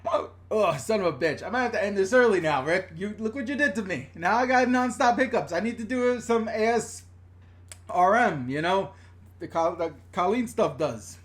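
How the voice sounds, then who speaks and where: A man's voice: sits high, expressive, normal speed. A middle-aged man from the New York and New Jersey area, hosting a casual live-stream rant from a room in his home, blunt and chatty, swearing freely and reading viewer comments aloud.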